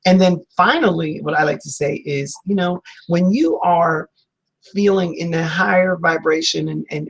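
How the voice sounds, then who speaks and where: A man's voice: fairly high pitch, vocal fry, a bit bright, slightly rough, poor audio. A man, a talk radio host, giving a chatty motivational self-help talk with lots of fillers and acted-out reactions. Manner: chatty, acts out quoted reactions, many fillers.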